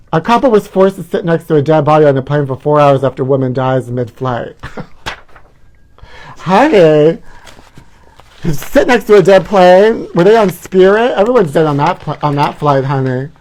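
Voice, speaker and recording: A man's voice: fairly high pitch, a little mellow, a little hiss or hum. A man hosting a campy celebrity gossip livestream, calling everyone honey and laughing at his own jokes. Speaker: host.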